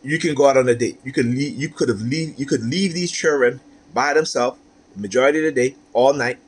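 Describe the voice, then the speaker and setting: A man's voice: mid-range voice, quick pace, breathy edge. A man talking straight to camera in a personal monologue, aggrieved and repetitive, tagging his points with "right?". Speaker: vlogger.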